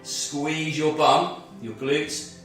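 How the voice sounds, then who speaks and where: A man's voice: a little high, flat delivery, extremely slow, a bit bright, very echoey, far from the mic, faint music behind. A man leading a guided movement and mindfulness workout as a fitness instructor, slightly out of breath, talking through each move step by step. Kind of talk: guided exercise class.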